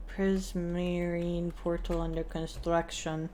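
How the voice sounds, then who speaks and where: A woman's voice: mid-range voice, lively intonation, slow pace, pauses often, slight background noise. A young woman streaming a game, chatting casually in a playful, giggly, rambling way and poking fun at herself.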